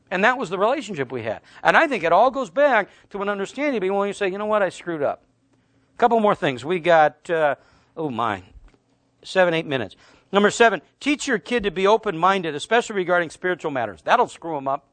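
Male pastor, middle-aged, emphatic sermon delivery, lively pitch that swings up and down, dry close sound. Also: fairly quick, no room sound. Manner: emphatic, preachy, conversational storytelling.

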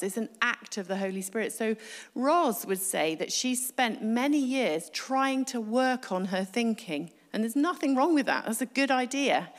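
A woman's voice: on the high side, long reverb tail. A woman preacher giving a conversational sermon, asking her congregation rhetorical questions.

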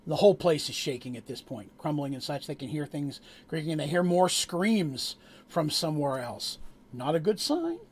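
A man narrating a tabletop game as game master, telling the story with animated asides to the players. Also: a little high, normal speed, slightly rough.

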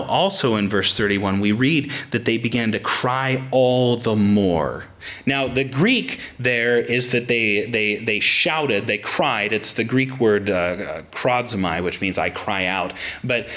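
A young man preaching a sermon, animated and casual, often restarting his sentences as he explains a passage. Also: medium pitch. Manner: animated, frequent restarts, acts out quotes. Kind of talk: sermon with personal anecdote.

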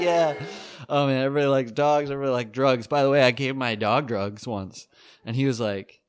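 A man's voice: mid-range voice, a little fast, clean tone, no room sound, clean studio sound. A man doing an awkward stand-up set on a club stage, rambling and hesitant with many fillers and nervous laughs. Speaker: stand-up comic.

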